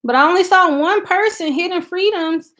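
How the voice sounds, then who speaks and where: A woman with an American country accent hosts her YouTube channel's live stream, chatting loosely, thinking aloud and reading viewer comments with lots of fillers. Her voice is very high and a bit bright, at normal speed.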